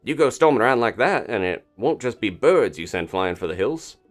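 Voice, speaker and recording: A man's voice: on the low side, sing-song, a little fast, soft background music. A man doing Pen the Pelican, a folksy reporter. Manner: folksy reporter voice, full of bird puns. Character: chatty male pelican newspaper reporter, pun-loving.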